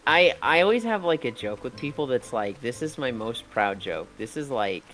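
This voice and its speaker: A man's voice: mid-range voice, sing-song, normal speed, fairly bright tone, faint music behind. A man chatting casually while playing a game, telling rambling stories and acting out his friends' lines. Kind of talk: casual gaming chat.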